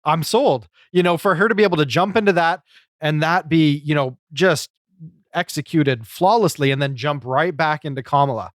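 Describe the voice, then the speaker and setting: A man's voice: fairly high pitch, normal speed, fairly bright tone, dry recording, studio quality. A man co-hosting a podcast, chatting casually and analytically about a comedy show, with plenty of fillers. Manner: talkative, analytical, many fillers. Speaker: podcast co-host.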